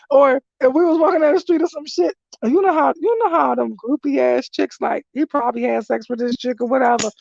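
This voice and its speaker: High-voiced blunt woman streamer. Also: vocal fry. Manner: animated, blunt and profane, laughs often. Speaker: live stream host. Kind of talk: casual profane storytelling. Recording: dull lo-fi dry sound.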